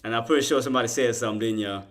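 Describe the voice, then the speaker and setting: A man's voice: mid-range voice, rapid-fire. A man hosting a trading livestream, joking and laughing with his chat in loose, slangy banter. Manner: laughing, teasing banter with viewers. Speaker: stock trading livestream host. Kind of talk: casual livestream commentary to chat.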